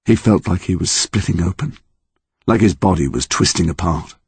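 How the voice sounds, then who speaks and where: Deep, gravelly male storybook narrator. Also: normal speed, a little mellow. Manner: dramatic, emotionally charged reading. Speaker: audiobook narrator.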